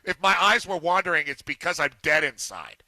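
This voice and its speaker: Wisecracking, bright-voiced male co-host. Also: on the high side, big pitch swings, a little fast, no echo. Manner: teasing wisecracks. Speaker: radio show co-host. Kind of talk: casual sports radio chat. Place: radio studio.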